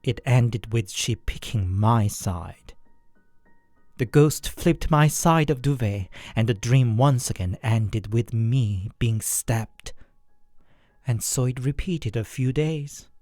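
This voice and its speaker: A narrator telling a first-person horror story in a scripted, expressive way. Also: medium pitch, slow, no echo, faint music behind.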